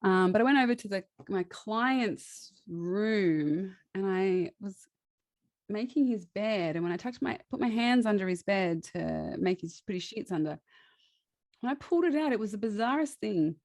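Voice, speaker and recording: A woman's voice: mid-range voice, lively intonation, moderate pace, darkish tone, dry recording, clean studio sound. A woman, a guest chatting through a personal story, laughing often and restarting her sentences.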